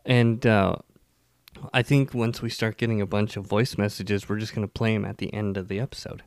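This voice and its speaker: A man co-hosting a casual podcast chat, easygoing and quick to laugh at his own jokes. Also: on the low side, fairly even intonation, creaky, dry recording, studio quality. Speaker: podcast co-host.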